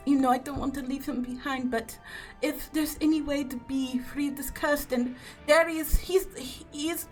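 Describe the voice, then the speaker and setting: A woman voicing a tearful bug-like mother who pleads in a high, breaking voice during a tabletop game. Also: natural voice.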